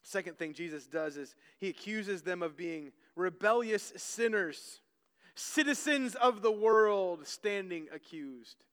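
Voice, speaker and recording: Male pastor, sermon, earnest storytelling, repeats words, bright tense voice, long church reverb. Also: high-pitched, expressive, slow pace, clean tone.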